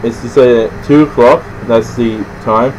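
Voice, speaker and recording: An Australian man explaining things casually and unscripted, halting and rambling with many restarts and fillers. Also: medium pitch, steady tone, darkish tone, slight background noise, low-quality recording. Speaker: presenter explaining slang.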